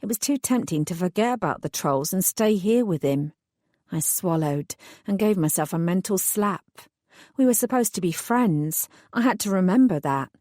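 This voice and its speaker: Woman reading a fantasy audiobook, calm and measured, dry close sound. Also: lowish voice, no echo. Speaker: audiobook narrator. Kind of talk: scripted first-person narration.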